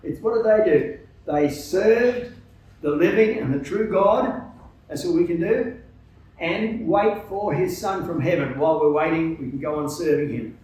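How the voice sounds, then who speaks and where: A man's voice: a little high, a little slow, a little mellow. Man, preacher, earnest sermon with hesitations; very reverberant hall, distant pickup. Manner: earnest, emphatic, with frequent hesitations. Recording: very echoey hall, distant mic, faint noise.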